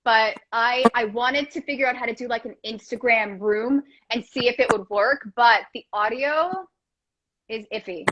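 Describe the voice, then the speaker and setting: A woman hosting a casual chat, talking in a playful, quick way with lots of asides. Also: fairly high pitch, a bit bright, highs cut off, a little hiss or hum. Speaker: host.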